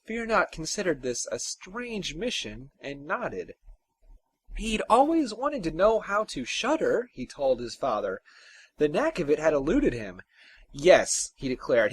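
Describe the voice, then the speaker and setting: A man narrating a folktale in an expressive, theatrical storytelling style. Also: fairly high pitch, measured pace, husky.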